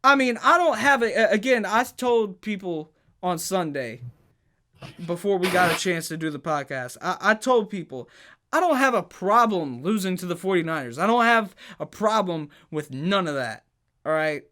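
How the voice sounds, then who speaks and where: High-voiced, fired-up podcast host, a man. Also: animated, normal speed, bright, forceful tone. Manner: stammers and restarts, emphatic rhetorical questions. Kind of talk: heated sports talk.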